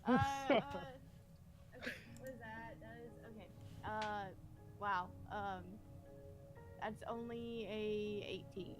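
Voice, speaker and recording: A woman's voice: medium pitch, fairly even intonation, slow pace, pauses often, over music. A woman playing in a tabletop game, talking casually, giggly and hesitant. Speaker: player.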